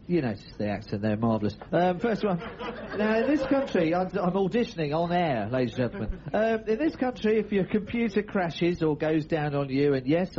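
A man's voice: sits high, very animated, fairly quick, highs cut off. A man hosting a comedy radio show, telling odd news stories with playful, laughing patter. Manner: playful, laughing, jumps into funny voices. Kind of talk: jokey comic radio patter.

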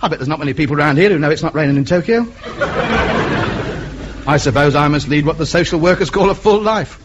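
A pompous, exasperated radio ham. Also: male voice, fairly high pitch. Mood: self-satisfied. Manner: exasperated, over-explains loudly to foreigners. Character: pompous, chatty male amateur radio ham. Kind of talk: 1950s radio comedy acting. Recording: muffled old radio recording with hiss.

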